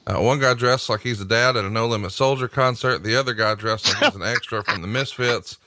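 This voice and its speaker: Bright-voiced male podcast host. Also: medium pitch, fairly quick, no echo. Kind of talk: casual podcast chat and ad read.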